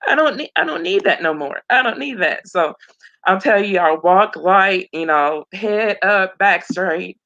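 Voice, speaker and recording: A woman's voice: medium pitch, expressive, unhurried, fairly bright tone. A woman speaking earnestly about her own life, returning to phrases and laughing between them. The sound is a bit dull and lo-fi, in the middle of her register. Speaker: program graduate guest. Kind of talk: emotional personal testimony.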